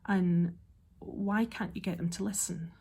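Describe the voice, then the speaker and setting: A woman ranting in an exasperated way in a casual monologue, a little unwell and low on energy. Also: fairly even intonation, measured pace, vocal fry, a little mellow, slightly rough. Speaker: vlogger.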